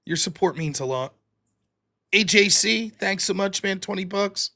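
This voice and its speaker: Give me an American man hosting a live stream with a bright, somewhat high voice, reading donations in a mock-wounded tone. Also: lively intonation, a little slow, vocal fry. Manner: mock-wounded, self-deprecating, reads superchats aloud. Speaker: livestream host reading viewer donations. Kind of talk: casual live-stream chat.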